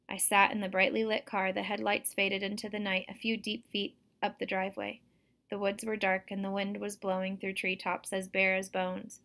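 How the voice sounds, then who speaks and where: A teacher reads a novel aloud to her students at a normal speed and medium pitch. Her storytelling is steady and expressive.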